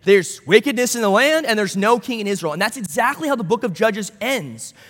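A man's voice: high-pitched, lively intonation, brisk, fairly bright tone, in a large hall. A man pastor preaching a sermon in a conversational way, with storytelling asides.

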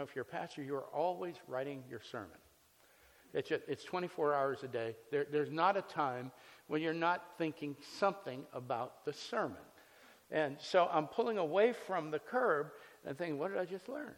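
A man preaching as a pastor, reading scripture and then telling a personal story in a relaxed, conversational way. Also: on the high side, normal speed. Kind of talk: sermon. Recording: long hall reverb.

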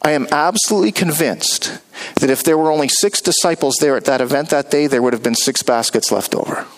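A pastor preaching a sermon, telling the story with animated delivery and acting out the characters. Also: male voice, fairly high pitch, brisk, rough recording.

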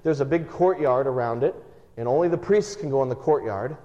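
A man in his thirties preaching a sermon in a conversational, animated way, with self-deprecating humor. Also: medium pitch, a little fast. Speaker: pastor. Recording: muffled sound from a reverberant hall.

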